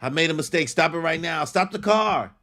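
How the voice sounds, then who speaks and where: A man's voice: on the high side, expressive, fairly quick, bright, forceful tone, voice pushed up. A man reading a frightened young woman pleading.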